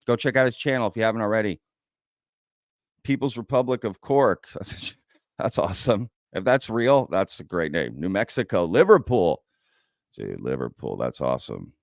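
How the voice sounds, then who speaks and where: This chatty American livestream host speaks in a mid-range voice, casually reading viewers' comments aloud and using "y'all." There's no room sound, and it's studio quality.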